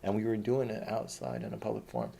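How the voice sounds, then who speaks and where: A man performing an autobiographical stage monologue, profane and animated, sometimes dropping to a hushed whisper. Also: lowish voice, fast, creaky, a little hiss or hum. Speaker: storyteller.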